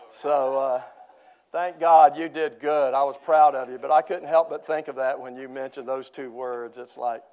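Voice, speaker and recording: Preaching in church, an older man tells joke after joke and chuckles frequently. His voice is a little high with a darkish tone, and he comes across as a pastor who loves a good story.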